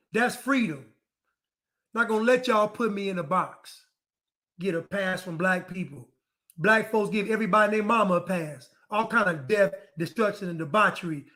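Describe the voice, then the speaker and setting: Man, high voice, bright and forceful, defiant rant, repeats himself. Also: normal speed. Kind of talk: ranting monologue to camera.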